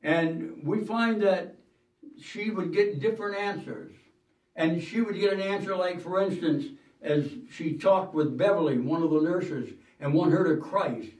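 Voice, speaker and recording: A man preaching a sermon, telling a story in an earnest, measured way with "uh" fillers and the odd throat-clearing. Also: high-pitched, darkish tone. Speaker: pastor. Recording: roomy hall, mic at a distance.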